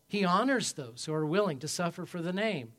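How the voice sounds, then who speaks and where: A man preaching a sermon as pastor, emphatic, swinging from loud peaks to quiet low passages and calling for amens. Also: animated, a little fast. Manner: asks the congregation for amens.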